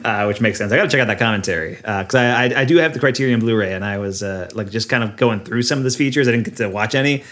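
A man's voice: fairly low pitch, quick pace, few pauses, fairly bright tone. A man co-hosting a podcast in casual chat, recapping a film with frequent fillers and laughs. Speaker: podcast co-host.

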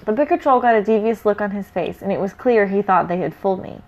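A woman reading a first-person fantasy adventure story aloud in a lively, playful way. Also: mid-range voice, fast, few pauses, highs cut off.

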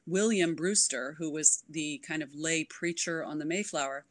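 Chatty woman author with animated delivery. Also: sits low, moderate pace. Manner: animated, many ums, demonstrates voices. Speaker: author and podcast guest. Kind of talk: casual interview chat.

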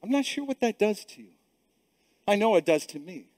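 Male pastor, emphatic sermon, restarts and repeats words, high voice, dry sound. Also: big pitch swings, moderate pace, darkish tone, no room sound.

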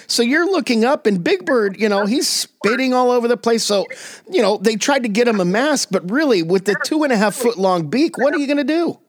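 A man co-hosting a comedy podcast, rambling through improvised deadpan bits with lots of fillers. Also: very high-pitched, fairly quick.

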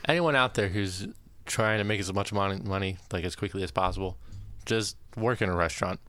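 A man's voice: low-pitched, a little fast, a bit bright, clean tone. A young man telling stories on a podcast, laughing often and filling his talk with "like". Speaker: podcast co-host. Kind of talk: casual storytelling chat.

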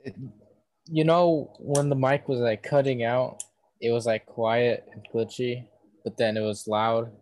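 A man's voice: medium pitch, measured pace. A man co-hosting a podcast over a video call, trading teasing jabs in casual chat. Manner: teasing, bickering, deadpan jabs. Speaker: podcast co-host.

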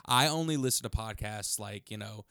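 A man's voice: lowish voice, normal speed, a bit bright, clear, resonant tone, dry recording, clean studio sound. A young man co-hosting a podcast, chatting casually and teasing his friends with little stories. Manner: teasing, storytelling. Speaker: podcast co-host. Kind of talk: casual chat.

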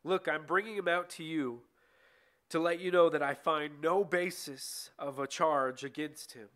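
A man's voice: on the high side, unhurried, a bit bright. A man voicing a weary, insistent Roman governor in a plain read-aloud way, in a bible story reading. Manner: plain read-aloud delivery of quoted speech.

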